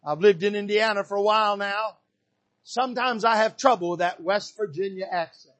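An older man from Michigan preaching a sermon from a church pulpit, swinging between shouted exhortation and hushed, soft emphasis. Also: sits high, normal speed. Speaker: pastor.

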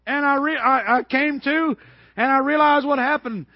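A male preacher from Georgia telling a story in a sermon, animated and building to shouted peaks, on a worn microphone. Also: extremely high pitch, moderate pace, no room sound, muffled recording.

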